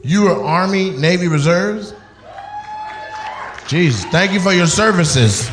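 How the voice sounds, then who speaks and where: A man doing crowd work on stage, loud and animated, acting out voices as he riffs with the audience. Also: high-pitched, a little slow, background noise. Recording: echoey venue with loud ambience.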